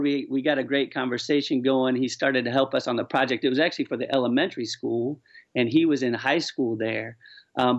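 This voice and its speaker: A man telling stories earnestly and with animation as an author guest on a radio interview. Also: medium pitch. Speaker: author and charity founder, guest. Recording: dull lo-fi sound.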